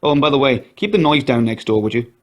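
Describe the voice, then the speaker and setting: A man's voice: medium pitch, animated, fast talker, darkish tone, voice pushed up, natural voice. Ken: a man doing a brusque sarcastic brother. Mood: irritated. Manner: sarcastic, blunt. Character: irritable grown brother, brusque and dismissive.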